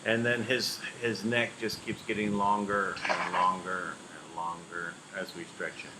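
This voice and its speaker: A man's voice: sits low, level tone, unhurried, background noise. A man hosting a casual talk show, joking with his co-host. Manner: jokey, laughs at his own lines. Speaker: podcast host. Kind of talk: casual chat.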